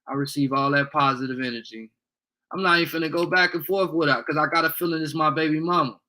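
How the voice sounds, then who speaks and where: A man's voice: a little high, quick pace, bright, forceful tone. A young man on a heated livestream rant, angry and profane, taunting commenters. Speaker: livestream host.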